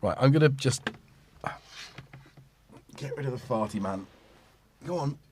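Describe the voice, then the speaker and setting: With a mid-range, expressive voice and a darkish tone, a middle-aged British man hosts a livestream at an unhurried pace. A little background noise comes through his studio mic. He rambles, keeps interrupting himself, and talks chattily with his viewers.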